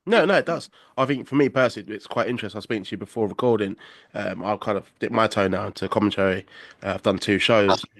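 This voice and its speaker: A man hosting a podcast, asking questions in relaxed conversation. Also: fairly low pitch, no room sound. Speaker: podcast host. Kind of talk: casual interview talk.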